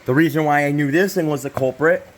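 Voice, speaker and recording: A man's voice: on the high side, quick pace. Rambling young man in a garage. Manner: rambling, self-interrupting, apologetic asides. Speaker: channel host. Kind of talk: casual repair vlog. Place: hot garage.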